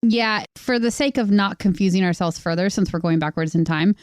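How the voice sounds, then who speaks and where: A woman's voice: medium pitch, a little fast, darkish tone, no room sound, studio quality. A woman co-hosting a podcast in casual chat, talking loosely with many "like"s and laughing often. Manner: chatty, laughs often, says "like" and "totally". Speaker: podcast co-host. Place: RV parked near the sea.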